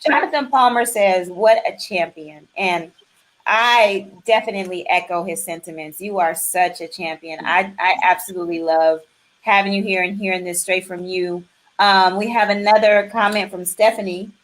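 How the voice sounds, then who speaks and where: Female host of a live online talk show, warm and encouraging, reads out viewer comments. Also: mid-range voice, steady tone, moderate pace.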